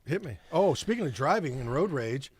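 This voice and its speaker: Playful, lively podcast host man. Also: on the high side, normal speed, husky. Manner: playful, acts out bits with loud exclamations. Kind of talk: casual podcast chat.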